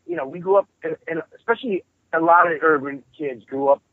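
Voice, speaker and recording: Man with a husky voice on a tinny phone line. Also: a little high, a little fast, no room sound. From New York. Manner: profane, rambling, animated storyteller. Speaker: guest musician. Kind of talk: casual storytelling interview.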